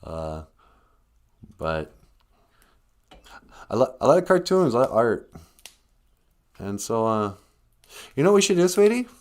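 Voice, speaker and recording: A man's voice: medium pitch, sing-song, measured pace, long pauses. A man hosting a casual language livestream, chatting in a rambling, joking way.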